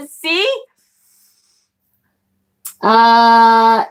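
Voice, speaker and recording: A woman's voice: a little high, measured pace, long pauses, fairly bright tone. A woman hosting a live tarot stream, chatting enthusiastically and reading viewer comments aloud. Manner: enthusiastic, chatty, swears casually. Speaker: tarot livestream host. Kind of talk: casual live-stream chat.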